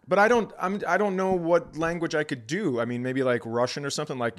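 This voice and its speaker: Animated storytelling man, swearing. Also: on the high side, a little fast, few pauses. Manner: animated, swearing, voices others in quotes. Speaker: podcast co-host, comedian. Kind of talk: casual storytelling chat.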